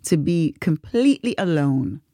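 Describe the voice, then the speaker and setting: A woman's voice: deep voice, lively intonation, normal speed, warm tone, no room sound, clean studio sound. A woman hosting a podcast, telling a personal story in casual chat, laughing often and acting out the voices of others. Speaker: podcast host.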